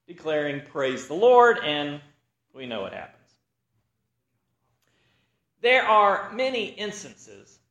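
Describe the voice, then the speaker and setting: A man preaching in an echoey room, his high voice swinging up and down as he tells a joke and acts out each character. His tone is bright and forward, the manner of a practiced storyteller. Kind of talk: sermon with a joke opener.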